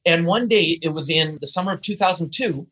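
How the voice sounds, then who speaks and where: Older guy with a high husky voice, blunt and punchy, kinda muffled audio. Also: fairly quick. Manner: emphatic, blunt, energetic. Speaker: guest speaker and trainer. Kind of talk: animated storytelling interview.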